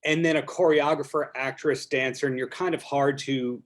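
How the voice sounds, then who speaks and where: A man's voice: mid-range voice, steady tone, moderate pace. A man hosting a casual interview over a video call, asking jokey, chatty questions. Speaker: podcast host.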